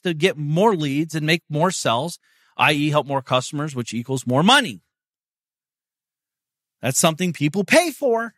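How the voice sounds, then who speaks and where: A man hosting a podcast delivers a brash, swearing pep talk in a casual monologue. His voice sits a little high for a man. The sound is dry and close, with no room around it. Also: a bit bright, dry recording. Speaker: podcast host.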